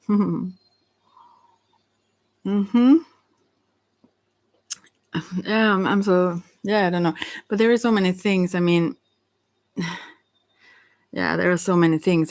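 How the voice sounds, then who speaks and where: A woman with a Swedish accent, speaking English as a second language in a halting, casual chat, often correcting herself and laughing. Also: fairly low pitch, darkish tone. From Sweden. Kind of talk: casual one-sided chat, reading aloud.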